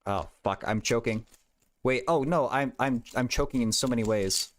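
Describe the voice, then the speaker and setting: A man's voice: mid-range voice, moderate pace. A young man hosting a casual livestream, thinking aloud in a rambling way with many stammered restarts. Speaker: livestream host.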